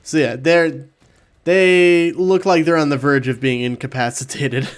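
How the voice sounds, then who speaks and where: A man's voice: fairly high pitch, measured pace, clear, resonant tone, soft background music. A laid-back man narrating a tabletop game as game master, laughing easily.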